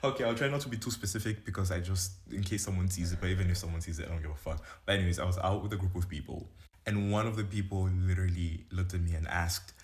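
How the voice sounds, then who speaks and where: Young man, deep low voice, blunt profane storyteller. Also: quick pace, a little mellow. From Côte d'Ivoire and Tanzania. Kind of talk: casual story to camera.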